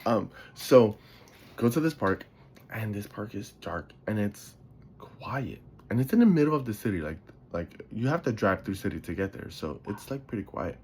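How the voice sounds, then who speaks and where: Here a Bronx, New York podcast host spins casual stories in a monologue, yawning and sleepy, rambling, losing his thread, and swearing casually. His voice is fairly low, husky, and a little mellow. He speaks at normal speed with a sing-song lilt.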